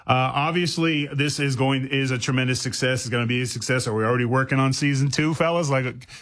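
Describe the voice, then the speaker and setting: A man's voice: mid-range voice, fast, a bit bright. A man hosting a radio interview, chatty and joking, stumbling a little as he works into his questions. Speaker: radio host.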